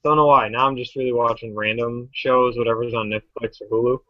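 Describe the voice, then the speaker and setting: A relaxed young man in his twenties chatting on a podcast, often pausing on "um". The sound is dry and close, with a dull, lo-fi quality. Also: mid-range voice, no echo. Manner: relaxed, with frequent "um". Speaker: podcast co-host. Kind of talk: casual chat.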